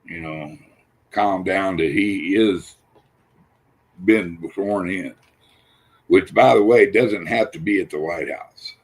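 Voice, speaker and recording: A man's voice: low voice, slow, long pauses, slightly rough. A man chatting casually as a panelist on a video call, rambling and profane, with many restarts. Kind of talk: casual chat.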